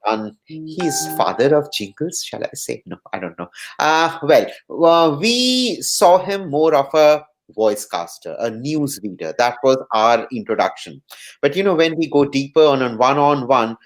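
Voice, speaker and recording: An interview host who steers the conversation, pausing to search for words. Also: medium pitch, very animated.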